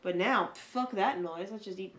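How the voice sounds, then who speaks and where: A woman's voice: mid-range voice, moderate pace, echoey room. A woman co-hosting a podcast, chatting casually and acting out the people in her stories. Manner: animated storyteller, acts out quoted people. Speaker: podcast co-host. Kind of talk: casual chat.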